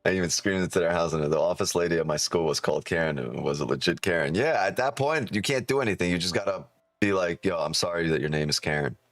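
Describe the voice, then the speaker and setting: A man's voice: sits low, quick pace, no room sound. A man, a trading streamer, chatting casually on a live stream, swearing a lot, joking and laughing often.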